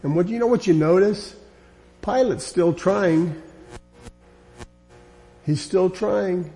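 A man's voice: sits high, slow pace, dark tone, faint music behind. A man preaching a sermon, building emphatic, repetitive lines that grow more insistent.

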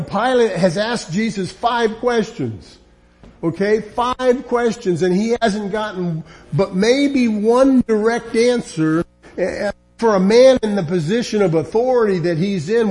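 A man with a high voice delivers a sermon to his congregation. He talks emphatically and conversationally, repeating his points and often saying "you know". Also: darkish tone. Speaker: preacher.

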